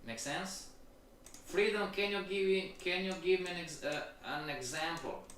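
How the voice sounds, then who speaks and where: A man teaching a trading course on a live-stream lecture, keeps checking in with the audience, slow and repetitive. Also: high voice, a bit bright, slight background noise. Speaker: trading instructor. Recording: very echoey room, voice from far off.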